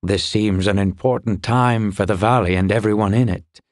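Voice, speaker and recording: A male narrator voicing a gruff, dry-humored older fire warrior in an audiobook. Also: on the low side, steady tone, moderate pace, no room sound, natural voice. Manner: grumbling, wry.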